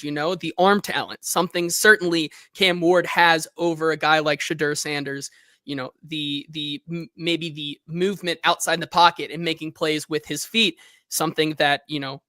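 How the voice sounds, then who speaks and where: A man hosting a sports talk show in easy, rambling chat. His voice sits a little high and rings bright and forceful. The sound is dry and close. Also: steady tone, normal speed, no room sound. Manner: chatty, loose, reads news aloud. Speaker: sports podcast host. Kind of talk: casual chat.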